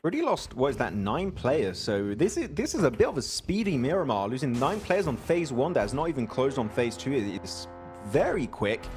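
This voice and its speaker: Chatty English esports caster. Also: male voice, medium pitch, big pitch swings, normal speed, a little mellow, faint music behind. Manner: chatty, laughs easily. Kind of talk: live esports commentary.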